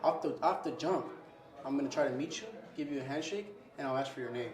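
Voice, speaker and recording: A man's voice: medium pitch, fast, echoey room, crowd noise. A young man who owns a restaurant, talking casually in an interview. He says "bro" a lot and acts out little scenes with customers. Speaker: restaurant owner. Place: his restaurant.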